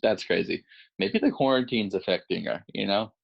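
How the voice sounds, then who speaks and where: Low guy with a bouncy voice chatting on a podcast, lots of yeahs and rights, lo-fi sound. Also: sing-song, normal speed, vocal fry, slightly rough. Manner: supportive listener, short agreeing replies. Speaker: podcast co-host. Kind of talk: casual chat.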